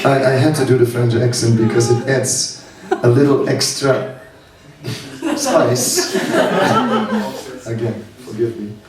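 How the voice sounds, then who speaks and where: In a hall at a summer camp, a male monk leads a seminar of slow, anecdotal storytelling, chuckling often. His medium-pitched voice is animated, and the distant, echoey recording picks up a loud audience.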